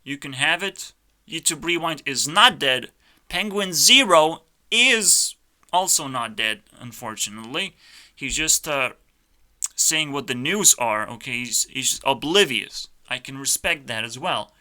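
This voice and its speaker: A man's voice: medium pitch, animated, a little slow, pushed and bright. A man giving live reaction commentary as a YouTuber, ranting brashly and swearing in a mock-arrogant way. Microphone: headphones on, desk mic.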